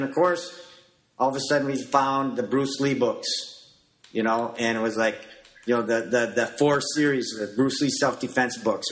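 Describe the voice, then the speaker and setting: Middle-aged man telling martial arts stories. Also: mid-range voice. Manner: animated storyteller who acts out his younger self in quotes; loose, rambling with many "you know" fillers. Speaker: guest, martial arts coach. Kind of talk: casual storytelling interview.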